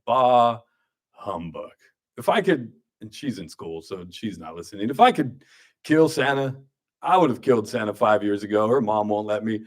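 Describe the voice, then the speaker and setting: Lower-voiced radio host man. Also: expressive. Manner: joking grumpy banter, quick asides. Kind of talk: casual radio talk. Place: radio studio.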